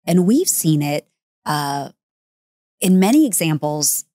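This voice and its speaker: A woman in her forties hosting a parenting podcast, speaking in a warm, affirming and reflective way about raising teenagers. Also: low-pitched, big pitch swings, slow, no echo, clean studio sound. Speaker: podcast host and mother. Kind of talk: conversational podcast talk.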